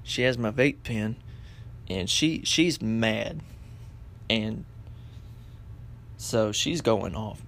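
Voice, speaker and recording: A man's voice: fairly low pitch, animated, extremely slow, vocal fry, long pauses, a bit bright. A young man telling a funny story in a rambling way, with lots of fillers and restarts. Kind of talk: casual comedic storytelling.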